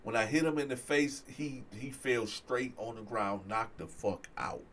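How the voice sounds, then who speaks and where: A man telling a personal story in casual talk to his viewers, getting louder and higher when excited. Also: measured pace, a little hiss or hum. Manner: animated, swings loud and high when excited. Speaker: storyteller host.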